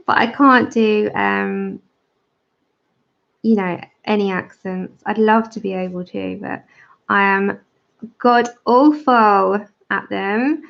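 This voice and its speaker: Gravelly woman chatting on a stream. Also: medium pitch, slow pace. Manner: chatty, greets viewers by name while colouring. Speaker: livestream host of a colouring channel. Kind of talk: casual livestream chat. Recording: dull lo-fi stream audio.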